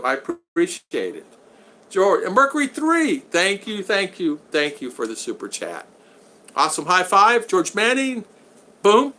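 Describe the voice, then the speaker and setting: A man's voice: a little high, pushed and bright. Chatty man hosting a live stream. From Florida. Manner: chatty, laughs often, repeats thanks. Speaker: live stream host reading super chats. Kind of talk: casual live stream chat.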